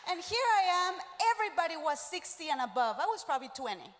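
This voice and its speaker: Woman pastor, high voice, lively storytelling sermon, playful with the crowd, church hall reverb. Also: fast, slight background noise. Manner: animated storytelling, acting out quoted voices; teasing, talks directly to congregation.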